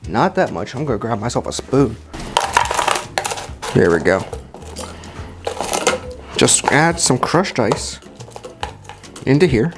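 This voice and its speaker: A man's voice: mid-range voice, big pitch swings, slow pace, pauses often, music in the background. Chatty man giving a cocktail tutorial. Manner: chatty and informal, with many fillers and self-corrections. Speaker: home bartender demonstrating cocktails.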